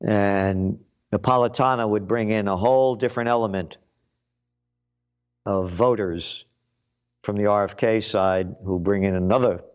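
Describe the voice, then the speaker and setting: A man hosts his own show in a blunt, combative commentary monologue, hammering his points with emphatic force. His voice sits fairly low, and the muffled lo-fi recording dulls it. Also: fairly even intonation, unhurried, pauses often, clear, resonant tone. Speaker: show host.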